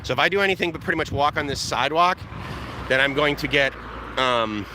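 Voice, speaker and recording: An American vlogger with a voice on the high side talks fairly quickly against a noisy background during a live walk along an outdoor seaside walkway. Holding his camera out on a selfie stick, he rambles, jokes with viewers and chuckles a lot.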